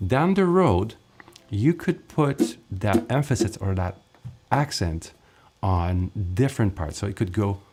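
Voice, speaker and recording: A man's voice: fairly low pitch, animated, slow pace, faint music behind. A man teaching ukulele in a casual lesson, counting beats aloud while he strums and chatting between takes. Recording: ukulele playing loudly under the voice.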